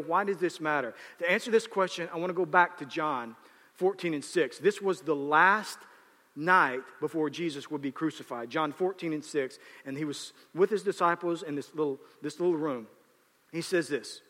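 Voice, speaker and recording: High-pitched emphatic preacher. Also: male voice, fairly bright tone. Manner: emphatic, repetitive preaching with rising bursts. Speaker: pastor. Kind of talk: sermon. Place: church sanctuary. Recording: long hall reverb.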